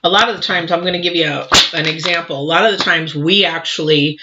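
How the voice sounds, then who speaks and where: A woman's voice: fairly low pitch, steady tone, quick pace, dull audio, heavy background noise. A woman doing a live tarot reading, chatty and rambling, with lots of fillers and her mouth still full of cookie dough. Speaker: tarot reader.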